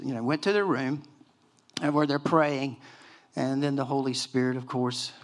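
A man in his sixties, a pastor preaching a sermon, telling stories in a lively, chatty way full of "you know"s. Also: mid-range voice, moderate pace. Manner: animated storytelling with many fillers and acted-out quotes.

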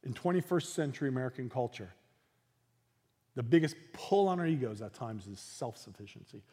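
A man preaching a sermon as pastor, earnest and unhurried, dropping into soft, hushed passages. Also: mid-range voice, lively intonation, husky, in a large hall.

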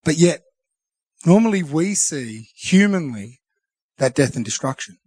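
A man sharing a personal devotional reflection, earnest and halting, often restarting his sentences. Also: fairly high pitch, very animated, darkish tone, breathy edge, no room sound. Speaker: Christian speaker sharing a devotional.

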